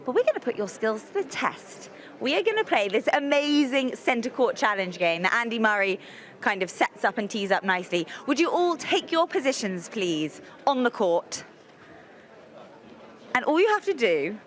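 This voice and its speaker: A woman's voice: fairly high pitch, a bit bright. A woman presenter interviewing people outdoors at a tennis venue and hosting a game, bubbly, cheering and encouraging.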